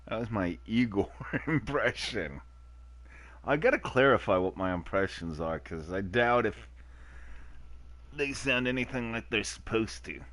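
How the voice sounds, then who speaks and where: A man's voice: medium pitch, expressive, normal speed, a bit bright, no room sound. A man streaming a dating game, joking and rambling with frequent laughs as he comments on the choices.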